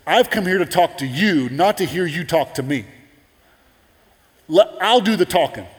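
A man's voice: fairly high pitch, animated, normal speed, pitched above the performer's own voice, natural voice. A man voicing a stern, impatient male angel who speaks firmly and emphatically, in a long hall echo.

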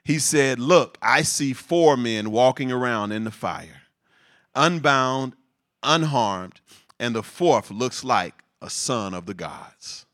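Bright-voiced, animated male preacher. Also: medium pitch, slow. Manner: animated, laughing asides, repeats words for emphasis. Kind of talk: sermon.

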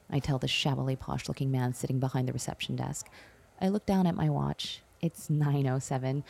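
Low, gravelly woman reading her memoir. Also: fairly even intonation, brisk, darkish tone. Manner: candid, wry, self-deprecating. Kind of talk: memoir narration.

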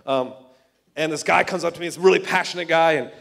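A man preaching a sermon in an energetic, conversational way, acting out the people he quotes. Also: on the high side, quick pace, creaky. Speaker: pastor.

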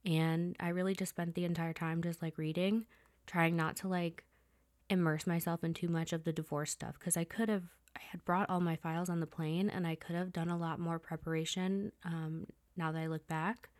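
A woman's voice: on the low side, level tone, normal speed, darkish tone, dry recording, studio quality. A young adult woman hosting a podcast, telling a personal story in a candid, chatty way with many fillers. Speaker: podcast host.

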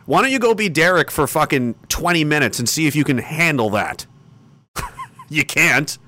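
A man's voice: on the high side, lively intonation, normal speed. A man hosting a livestream, ranting angrily with heavy profanity and mocking sarcasm. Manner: angry, profane and sarcastic, with bursts of mocking shouting. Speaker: livestream host.

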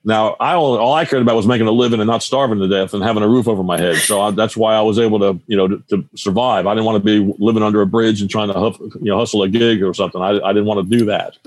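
A man's voice: fairly low pitch, steady tone, fast talker, few pauses, a little mellow, dry recording. A man in his sixties, a guitar teacher and radio broadcaster, telling stories in a casual interview, rambling and often restarting his sentences.

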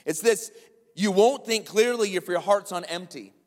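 High-voiced man preaching in a reverberant hall. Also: normal speed. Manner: emphatic, repeats key lines for effect. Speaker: pastor. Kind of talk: sermon. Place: large church sanctuary.

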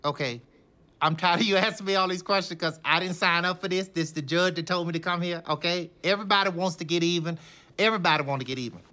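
A man playing a feisty, quick-tempered older grandmother in a film comedy, with brash, folksy talk. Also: high voice, pushed and bright. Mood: defiant.

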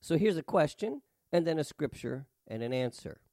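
A man preaching and reading scripture with an emphatic, rhythmic lift on key words. His voice sits a little high for a man. The sound is dry and close, with no room around it. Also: animated, normal speed, dark tone, no echo. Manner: emphatic, rhythmic delivery with rising stresses.

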